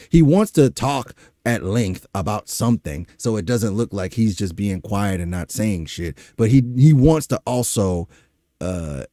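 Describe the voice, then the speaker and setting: Male podcast host in his 30s. Opinionated solo rant, low warm tone, dry close sound. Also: no room sound. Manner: ranting, emphatic, with frequent fillers.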